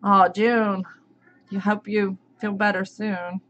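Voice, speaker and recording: A woman's voice: medium pitch, flat delivery, slow pace, a bit bright. A woman hosting a casual live stream, chatting and reading out viewers' names as they come in. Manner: chatty, greets viewers by name.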